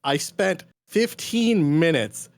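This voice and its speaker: A man's voice: on the high side, lively intonation, takes it slowly, dry recording. A young man on a podcast, telling a self-deprecating story with many fillers. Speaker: podcast co-host. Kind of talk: casual storytelling.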